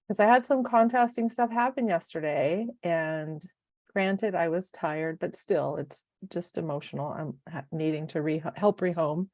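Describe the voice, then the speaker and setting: A middle-aged woman who is a life coach and podcast co-host, talking in an emotional, expressive, rambling way. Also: on the low side, measured pace, dry recording, studio quality. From United States. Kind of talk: casual podcast chat.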